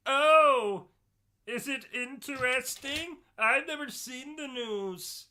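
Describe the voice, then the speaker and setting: Man voicing a meek manservant, hesitant, puzzled, smooth, bright. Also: extremely high pitch, slow pace, full character voice. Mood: timid. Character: meek, dim-witted male manservant.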